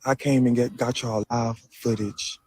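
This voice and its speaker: A man vlogging live to his viewers, excitable and profane, with gasps and slang. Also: medium pitch, a little slow. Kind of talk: casual live vlog, talking to viewers.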